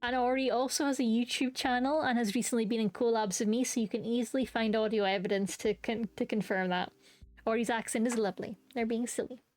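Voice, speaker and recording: A woman's voice: a little high, steady tone, fairly quick, darkish tone, dry recording. A young adult woman streaming a dating game, chatting playfully, laughing often and reading all the parts aloud.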